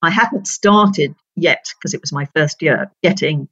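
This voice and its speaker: An older woman from North Yorkshire, a retired judge, telling stories in an interview in a measured, precise way with frequent laughter. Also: sits low, fairly bright tone, husky, dry recording, highs cut off. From North Yorkshire, England. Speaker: guest, retired senior judge. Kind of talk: reflective interview storytelling.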